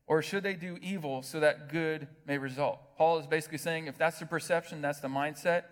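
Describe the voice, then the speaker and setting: A man preaching a sermon as pastor, animated, asking the congregation rhetorical questions. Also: fairly high pitch, a little fast. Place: church hall with long reverb. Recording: reverberant hall sound.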